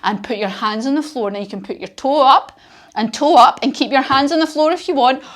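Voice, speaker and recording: A woman guides children through yoga poses in a high, lively voice. She spins a playful story and praises the little ones warmly as they go. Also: a little fast. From United Kingdom. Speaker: kids yoga instructor. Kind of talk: children's yoga class instruction.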